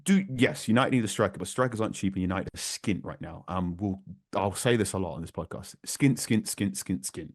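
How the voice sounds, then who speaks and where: A man, a football journalist guest talking through tactics on a podcast, animated and prone to repeating words for emphasis. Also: low voice, a little fast, few pauses, dry recording, studio quality. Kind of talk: conversational podcast analysis.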